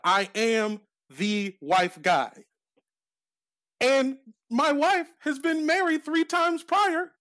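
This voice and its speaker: High-voiced man co-hosting a comedy podcast. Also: fairly bright tone. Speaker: podcast co-host. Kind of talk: casual comedic podcast chat.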